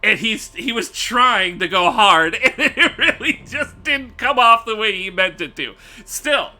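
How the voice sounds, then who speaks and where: A man's voice: sits high, animated, a little slow, sharp tone. A man streaming live, ranting casually and profanely to his chat, laughing often.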